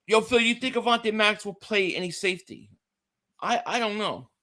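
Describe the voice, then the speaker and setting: A man with a high voice, speaking at a normal speed, co-hosts a casual sports podcast. He's an animated storyteller who also reads the viewer chat aloud.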